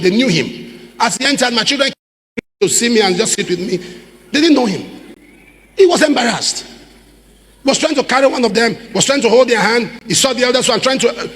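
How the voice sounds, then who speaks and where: A Nigerian man in middle age delivers a sermon in a high, animated voice that climbs and dips freely. He keeps asking the congregation whether they are following him. His words ring out with the long reverb of a large church hall. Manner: preachy, rhetorical questions to the congregation, acts out quoted voices. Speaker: pastor.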